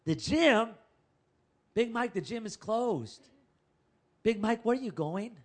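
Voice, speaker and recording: A man voicing a kind, well-off mother who coaxes a boy with gentle questions and then gives him firm orders. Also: sits high, animated, slow pace, exaggerated voice. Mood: coaxing.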